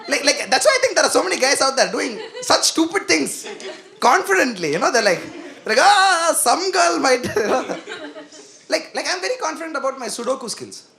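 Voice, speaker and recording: Lively gravelly young man doing stand-up. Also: extremely high pitch, fairly quick. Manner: animated, self-deprecating, acts out quoted voices. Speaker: stand-up comedian. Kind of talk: stand-up comedy set. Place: comedy club stage.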